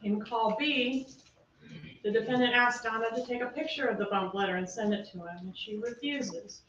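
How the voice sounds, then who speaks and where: A woman's voice: a little high, a bit bright. Woman prosecutor pressing the jury. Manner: emphatic, rapid-fire rhetorical questions. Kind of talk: courtroom closing argument. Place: courtroom. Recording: roomy, distant, muffled courtroom feed with faint hiss.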